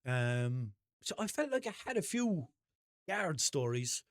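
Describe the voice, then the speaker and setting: A man's voice: fairly high pitch, unhurried, no room sound, studio quality. Limerick Irish man telling stories. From Ireland. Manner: animated, swears freely, acts out quoted exchanges. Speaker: podcast host. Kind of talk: casual storytelling monologue.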